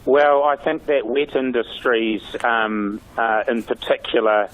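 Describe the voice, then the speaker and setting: A middle-aged man, a mayor speaking in a radio interview over the phone, halting with many fillers and restarts. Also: medium pitch, level tone. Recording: tinny phone line.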